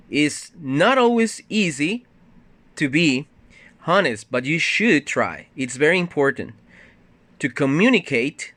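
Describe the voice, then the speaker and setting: A man's voice: on the high side, sing-song, slow, fairly bright tone, no room sound. Man w teaching english grammar, patient, lots of ums, dry close sound. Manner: patient, explains step by step with fillers. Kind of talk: recorded grammar lesson.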